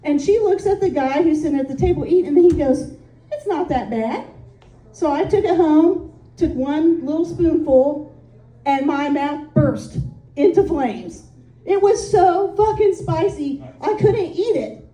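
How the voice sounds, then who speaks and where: In an echoey room, recorded from some distance, an Indiana woman works through a stand-up comedy set without hurrying. Her voice is high and dark-toned. Her storytelling is chatty and self-deprecating, dotted with frequent "um"s.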